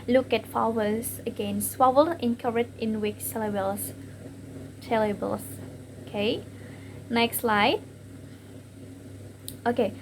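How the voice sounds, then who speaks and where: A young woman with an Indonesian accent presents a class topic from her slides, her voice sitting a little high. She reads haltingly, often pausing on fillers and saying words twice. A faint hiss of noise runs under the recording. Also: rough recording. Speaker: student presenter.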